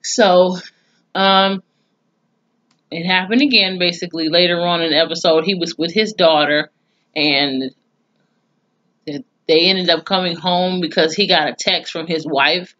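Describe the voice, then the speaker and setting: A woman's voice: fairly low pitch, steady tone, unhurried, long pauses, fairly bright tone, lo-fi sound. A woman giving a blunt, chatty recap of a TV episode, swearing freely and reacting with mock disgust. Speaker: TV episode reviewer. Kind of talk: casual spoken recap.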